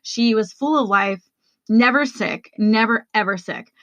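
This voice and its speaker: Bright-voiced woman telling a personal story. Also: on the high side, unhurried, no echo, dull audio. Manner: candid, conversational, addresses listeners directly. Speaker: podcast host.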